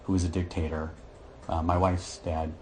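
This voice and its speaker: A middle-aged man, telling his story to a therapist in a rambling, halting way with many restarts. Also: sits low, level tone, darkish tone, a little hiss or hum. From Michigan, USA. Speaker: client in therapy session. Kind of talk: candid personal account.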